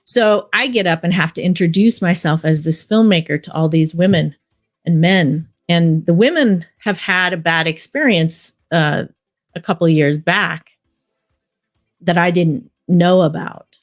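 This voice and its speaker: A middle-aged woman, a documentary director, telling stories in a relaxed interview, rambling with many fillers. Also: fairly low pitch, a little slow, faint music behind. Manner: rambling storyteller, many fillers like "you know". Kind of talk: casual interview talk.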